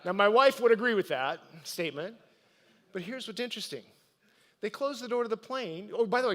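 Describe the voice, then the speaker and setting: A man with a notably high voice gives a live motivational talk. He tells personal stories and throws questions out to his audience. He sounds middle-aged and practiced at speaking from a stage. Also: a bit bright. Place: event stage.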